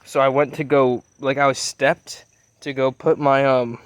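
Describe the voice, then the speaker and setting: A young man rambles through a long story, swearing freely and trailing off when he loses his thread. His voice sits at an everyday middle pitch and sounds dry and close, with almost no room around it. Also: flat delivery, a little slow, smooth, dry recording. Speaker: vlogger.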